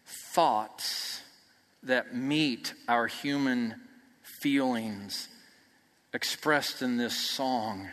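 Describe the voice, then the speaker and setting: A man's voice: medium pitch, extremely slow. Preacher man in an echoing hall. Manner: emphatic, rising to near shouts then dropping soft. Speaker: pastor. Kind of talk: sermon. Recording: long reverb of a large hall.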